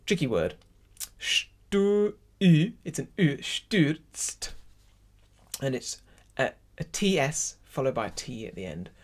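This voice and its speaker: A man's voice: mid-range voice, sing-song, normal speed, darkish tone, a little hiss or hum. A man leading an online choir rehearsal, explaining German pronunciation and musical phrasing and counting the singers in. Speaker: choir leader.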